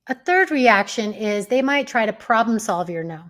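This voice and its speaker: Calm woman host giving advice. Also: medium pitch. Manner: calm, measured, acts out sample lines with shifts of tone. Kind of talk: advice talk to camera.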